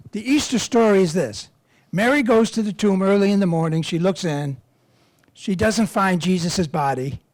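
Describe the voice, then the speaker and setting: Speaking to a live crowd, this older man, a priest who also serves as a campus minister, rambles through funny stories at his own expense. His voice is high-pitched and a little mellow, recorded without echo.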